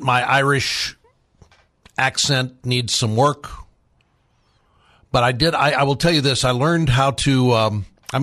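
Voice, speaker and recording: A man's voice: medium pitch, fairly bright tone. An older man, hosting a live call-in radio talk show in a chatty, self-deprecating way, often restarting his sentences.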